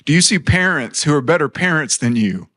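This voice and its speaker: A man's voice: fairly high pitch, animated, a little fast, fairly bright tone. A man in his thirties preaching a sermon in a church, earnest and conversational, mixing personal stories with light humor.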